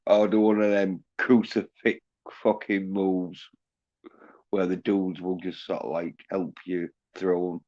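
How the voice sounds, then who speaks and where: A man's voice: low-pitched, little pitch movement, unhurried, dark tone, highs cut off. A man hosting a livestream, ranting in a rambling, boastful way with constant swearing. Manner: profane, boastful, laughs at own jokes. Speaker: livestream host.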